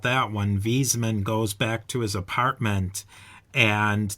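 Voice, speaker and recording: A man's voice: lowish voice, steady tone, slow pace, pushed and bright, faint music behind. A man hosting a podcast, talking over a film in a thoughtful, conversational way. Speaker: podcast host. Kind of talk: conversational discussion.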